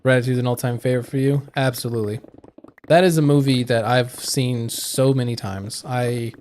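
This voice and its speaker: A young man chats casually on a live stream, rambling through his thoughts with fillers and false starts. His voice sits at an ordinary middle pitch. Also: fairly even intonation, moderate pace, a little mellow, slight background noise. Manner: rambling, thinking aloud with fillers and restarts. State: hiccuping.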